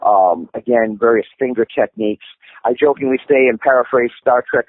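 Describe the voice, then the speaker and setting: A man's voice: mid-range voice, moderate pace, no echo. Man explaining over a tinny phone line. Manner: rambling with many restarts and fillers. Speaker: martial arts instructor guest. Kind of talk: explanatory interview talk.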